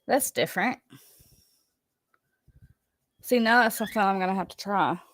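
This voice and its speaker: A woman's voice: mid-range voice, normal speed. A woman with a Southern Alabama accent, hosting a livestream and chatting casually as she reads viewer comments, playful and laughing at herself. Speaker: livestream host.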